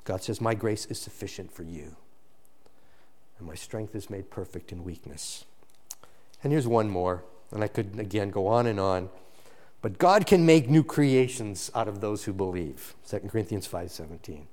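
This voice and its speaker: A man preaching a sermon as pastor, earnest and emphatic, often restarting phrases and breaking into quick asides. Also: on the low side, expressive, darkish tone.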